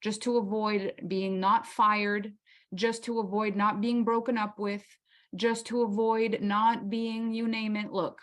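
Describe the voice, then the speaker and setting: A woman's voice: medium pitch, flat delivery, a little slow. A woman hosting a motivational masterclass, speaking with passion, asking rhetorical questions and acting out inner voices. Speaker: masterclass host. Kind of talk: motivational workshop talk.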